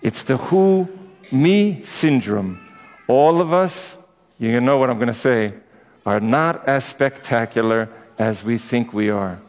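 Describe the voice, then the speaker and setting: A man's voice: mid-range voice, lively intonation, slow, darkish tone. Man preaching a chatty sermon in a reverberant church. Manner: conversational, personal asides to the congregation. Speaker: priest. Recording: echoey church with long reverb.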